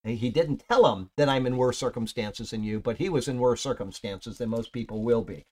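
A man talks through a Bible passage in an easygoing, unscripted way. He drifts between points, restarting sentences and filling pauses as he goes. His voice sits at an ordinary middle pitch. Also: darkish tone. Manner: rambling, conversational, with many fillers and restarts. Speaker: Bible teacher. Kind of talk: casual Bible teaching talk.

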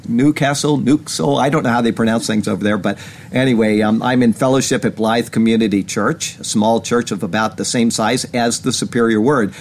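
A mid-pitched American man hosts a weekly prophecy update. He rambles and corrects himself often, filling pauses with "uh" and "um". A faint hiss sits under his voice. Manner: rambling, many fillers and self-corrections. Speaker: host of a weekly prophecy show. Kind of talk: casual scripted commentary, reading news.

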